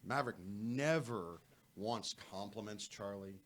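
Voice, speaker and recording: A man with a lower voice joins a film podcast chat. He talks quickly and casually. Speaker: podcast co-host.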